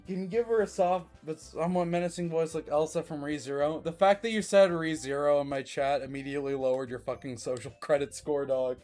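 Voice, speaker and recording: A woman streamer chatting casually with her viewers, swearing often, laughing and breaking into loud outbursts. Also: low-pitched, fairly even intonation, brisk, few pauses, soft background music. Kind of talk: casual livestream chat.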